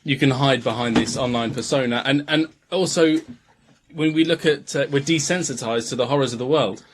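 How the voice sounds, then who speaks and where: A man argues bluntly on a casual podcast, quick to disagree. His voice sits at a middle pitch and sounds plain and natural. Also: slight background noise. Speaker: podcast co-host. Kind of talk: casual chat.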